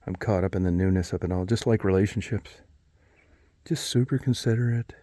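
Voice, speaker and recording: A middle-aged man with a fairly low voice rambles through a casual vlog. He swears freely and mocks himself with a dry, wry edge, drifting between grumbling and musing. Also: fairly quick, mellow, no echo. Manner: profane, wry, self-mocking rant. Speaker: vlogger.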